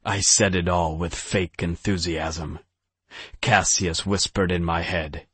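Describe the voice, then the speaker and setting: Slow, husky male audiobook narrator. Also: low voice, steady tone, a bit bright, no room sound. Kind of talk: first-person romance audiobook narration.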